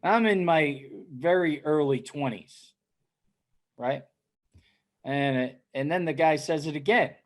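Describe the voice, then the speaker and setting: A man's voice: a little high, takes it slowly, pauses often. Chatty man telling a story. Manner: animated storyteller, tags lines with "right?". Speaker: co-host. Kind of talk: casual chat.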